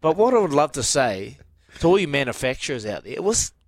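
A man's voice: fairly high pitch, a little fast, dry recording. A man co-hosting a radio show, telling a story in casual chat and acting out the quotes. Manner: animated yarn-spinning with laughs and acted-out quotes. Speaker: radio co-host.

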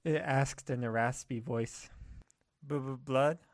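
A man narrating a first-person horror story at a steady, measured pace. His voice is mid-pitched and plain. The recording is dry and close. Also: no echo.

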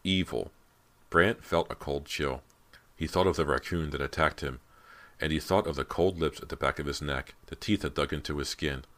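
A man's voice: rumbling low, normal speed, a bit bright. A man narrating a horror audiobook with dramatic storytelling.

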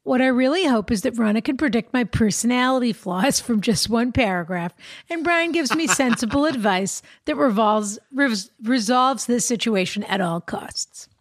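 High-voiced chatty woman, dry close sound. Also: lively intonation, moderate pace, no echo. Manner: playful, chatty, laughs easily. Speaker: podcast co-host reading a listener letter. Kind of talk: casual chat and letter reading.

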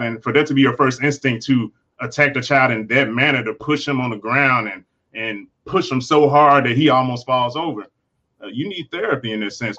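A man with a bright, forward voice gives his view as a panelist in a casual online discussion. His audio sounds dull and lo-fi, and he explains his points earnestly. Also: mid-range voice.

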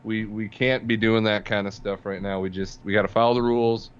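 A man's voice: on the low side, steady tone, fairly quick, clean tone, lo-fi sound. A man co-hosting a casual sports podcast, dry and sarcastic, chuckling through his points. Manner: dry, sarcastic, laughs while talking. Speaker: podcast co-host.

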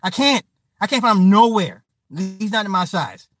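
A man in his forties telling casual stories to his chat, animated and full of profane slang. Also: high voice, moderate pace. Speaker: streamer talking to chat. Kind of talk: casual storytelling monologue.

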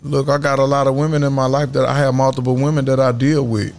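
A man's voice: medium pitch, flat delivery, fast talker, gravelly, darkish tone. A man in his thirties, a guest in a casual interview, talking in a blunt, preachy and self-assured way. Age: 30s.

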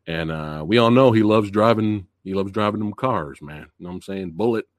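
Speaking fairly quickly in a lowish voice, this movie review show host runs a live stream with clean studio sound and no room echo. He laughs a lot, talks in loose, chatty slang, and stays excitable as he reads out chat and welcomes viewers.

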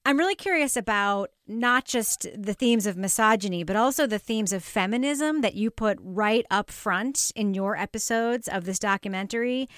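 A woman interviewer asking long, curious, measured questions. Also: mid-range voice, a bit bright, no room sound, studio quality. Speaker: podcast interviewer.

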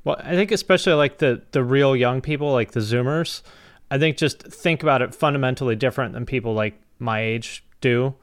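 Relaxed male interviewer, smooth clear voice, thoughtful questions. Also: medium pitch, fairly quick. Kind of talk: casual interview conversation.

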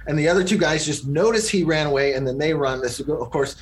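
Chatty man with a higher voice. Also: fairly even intonation, a little fast, slight background noise. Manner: rambling, lots of fillers and restarts. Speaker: podcast co-host. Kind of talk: casual movie review chat.

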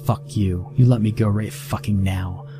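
A hoarse, furious young woman who swears and shouts in defiance, as a man with a low voice reads her out. She sounds raised and loud against the music playing under the horror story. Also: steady tone, moderate pace, close to an everyday voice. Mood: raging.

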